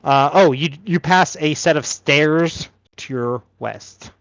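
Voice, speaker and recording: A man's voice: on the high side, takes it slowly, a bit bright, no room sound, poor audio. A man narrating a tabletop game as game master, describing scenes with fillers like "uh".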